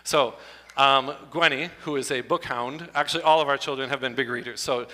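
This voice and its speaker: A middle-aged man doing stand-up comedy with slides at a church show, animated and breaking into loud exclamations. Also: mid-range voice, fairly quick. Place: church hall before an audience. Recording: long hall reverb.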